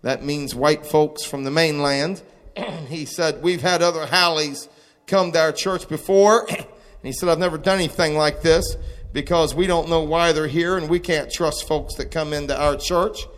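A man preaching a testimony sermon, moving between quiet storytelling and shouted exclamations. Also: fairly high pitch, steady tone, normal speed. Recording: long hall reverb.

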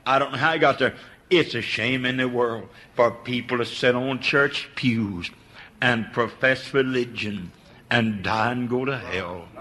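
An older man preaching a sermon. He swings from a low hush to high, impassioned cries, repeating words and stumbling over restarts.

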